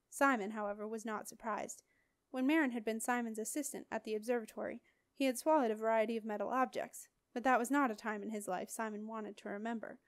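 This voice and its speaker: A woman narrating an audiobook chapter in a steady, expressive storytelling voice. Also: a little high, no echo, clean studio sound. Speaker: audiobook reader. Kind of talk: scripted narration.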